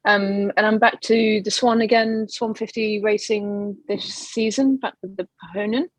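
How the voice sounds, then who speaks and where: A middle-aged woman, a guest sailor, chatting casually on a podcast, relaxed and pausing with ums as she thinks. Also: medium pitch, no room sound, rough recording. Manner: relaxed, laughs often, thinks aloud with ums.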